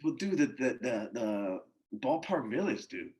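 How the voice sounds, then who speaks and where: A man who coaches college baseball, telling a story in a casual podcast chat, animated and full of slang and swearing. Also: medium pitch, unhurried. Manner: animated, slangy and profane, with many acted-out quotes.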